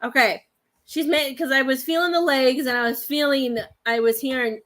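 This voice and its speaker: A woman's voice: sits high, moderate pace, fairly bright tone. A woman in her thirties giving a rambling, hesitant psychic reading to viewers on a live stream, full of fillers and restarts. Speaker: psychic medium.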